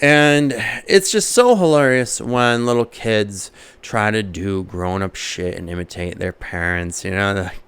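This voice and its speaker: A man's voice: fairly low pitch, measured pace, fairly bright tone, clean tone. A man, a comedian, telling a comic story as a monologue and laughing often at his own jokes.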